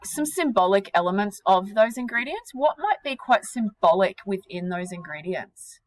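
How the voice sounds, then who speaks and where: A woman teaching a literature class, energetic and questioning, with casual slang. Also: mid-range voice, moderate pace, no echo, low-quality recording.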